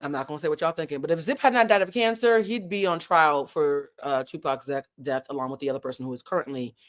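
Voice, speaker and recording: A woman with a New England accent hosting a casual live commentary stream, animated and digressive, swearing freely and swinging between loud and soft. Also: sits low, fast talker. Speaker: commentary channel host.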